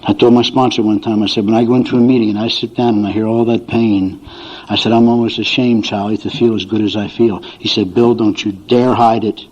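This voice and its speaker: A man's voice: lowish voice, little pitch movement, brisk, a little mellow. An older man speaking at a recovery meeting, telling folksy, chuckling stories to an audience and acting out his family's voices. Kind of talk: storytelling talk to an audience. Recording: dull lo-fi recording.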